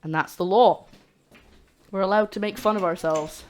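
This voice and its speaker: A woman's voice: medium pitch, normal speed, a little mellow. A woman from Scotland chatting casually and cracking jokes as she cooks on a live stream. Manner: chatty, joking, rambling asides. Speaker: cooking streamer. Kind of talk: casual live-stream chat while cooking. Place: home kitchen.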